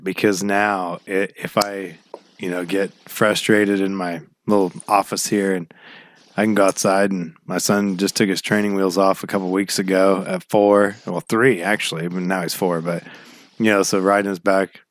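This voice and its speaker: A man's voice: sits low, flat delivery, normal speed, dry recording. A man in his thirties hosting a radio show from his home office, chatting casually and rambling with easy laughs. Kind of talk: casual chat.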